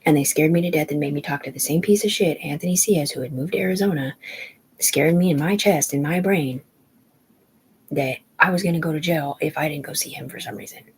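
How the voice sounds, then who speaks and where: A woman's voice: low voice, a little fast, slightly rough, rough recording. A woman in her forties telling a long personal story on a livestream, rambling and agitated, swearing often and restarting her sentences. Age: 40s.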